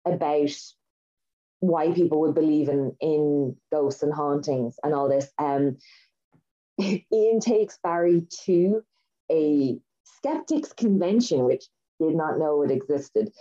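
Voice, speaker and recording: Low mellow woman chatting on a podcast. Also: slow pace. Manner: rambling, enthusiastic storytelling with many fillers. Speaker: podcast co-host. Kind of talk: casual chat. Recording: dull lo-fi sound.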